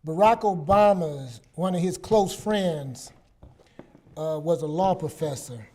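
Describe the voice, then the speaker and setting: A man in his sixties telling personal stories on a talk show, animated and casual, acting out quoted dialogue. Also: on the high side, takes it slowly. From Southern US. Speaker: guest psychologist.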